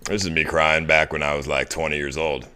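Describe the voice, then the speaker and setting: A man with an extremely deep, low voice talks someone through their feelings on a stream. He coaxes and persuades in a relaxed, casual way. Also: fairly quick, a little hiss or hum. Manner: coaxing, persuasive.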